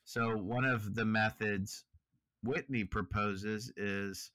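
Bright-voiced man co-hosting a faith podcast. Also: on the low side, steady tone, slow, dry recording. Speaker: podcast co-host. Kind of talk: casual Bible study chat.

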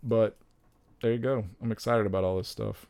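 A young man chatting casually about upcoming movies, rambling and excitable, with frequent exclamations. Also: lowish voice, moderate pace, clean tone, dry recording.

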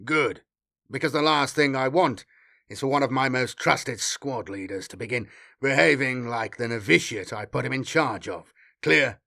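Guy playing a cold commander, clipped, scolding, lower than his narration. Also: moderate pace, vocal fry, bright, forceful tone, dry recording, clean studio sound. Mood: stern. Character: stern, cold male warrior captain.

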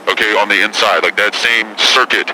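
A man's voice: lowish voice, steady tone, a little fast, pushed and bright, a little hiss or hum, poor audio. A man doing a comedy impression of a brash, touchy female celebrity talk host who swears and gets defensive.

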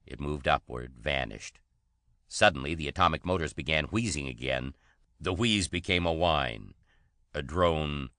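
A man narrating an audiobook in a steady, even reading voice. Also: very deep voice, a little slow, no echo, studio quality.

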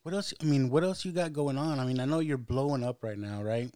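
A man hosting a casual podcast interview, his voice at a middle pitch for a man. He asks questions in an easygoing way, pausing on many hesitant ums. The recording is dry, with no room echo. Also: darkish tone, clean tone. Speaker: podcast host.

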